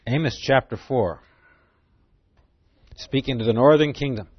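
A man's voice: mid-range voice, unhurried, breathy edge, no room sound. A man teaching from scripture in a sermon, moving between reading verses aloud and plain, conversational explanation. He often poses rhetorical questions to his listeners. The recording is dry and close, with a slightly dull, lo-fi tone. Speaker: preacher.

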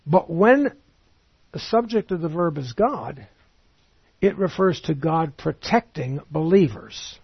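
A man giving an expository Bible teaching in a measured, explanatory way, reading scripture aloud as he goes. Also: on the high side, lively intonation, creaky, breathy edge, no room sound, dull audio.

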